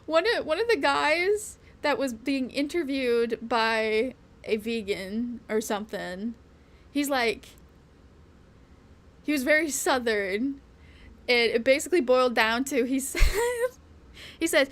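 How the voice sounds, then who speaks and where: A woman's voice: sits high, expressive, slow, a bit bright. Blunt, laughing woman streamer ranting. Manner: rambling, blunt, swears often, laughs between lines. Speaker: VTuber streamer. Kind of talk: casual live-stream rant while gaming.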